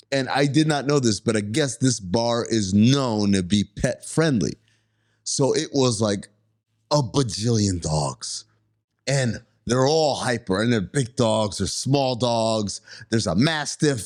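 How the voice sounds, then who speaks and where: A male podcast co-host tells a story in casual conversation, animatedly acting out the quotes with jumps in pitch.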